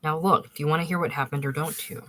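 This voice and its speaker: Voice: mid-range voice, fairly even intonation, quick pace, a bit bright, close to an everyday voice. A reader voicing a proud, touchy husband recovering from illness, speaking with stiff dignity and defensive explanations in an audiobook. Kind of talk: audiobook reading.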